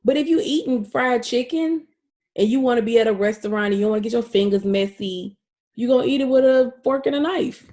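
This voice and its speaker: A young adult woman co-hosting a casual podcast chat, telling stories with lots of swearing and lively exclaiming. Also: on the high side, brisk. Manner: profane, animated storytelling. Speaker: podcast co-host.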